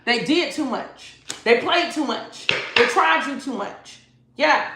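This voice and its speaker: A woman's voice: high-pitched, animated, slow, pushed and bright. A woman giving a livestreamed tarot reading. She is emphatic and slangy and repeats her phrases. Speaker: tarot reader. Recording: echoey room, faint noise.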